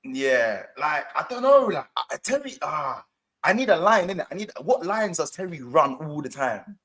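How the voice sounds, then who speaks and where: A young man in casual football chat, excitable and slangy, given to animated rants. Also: fairly high pitch, normal speed.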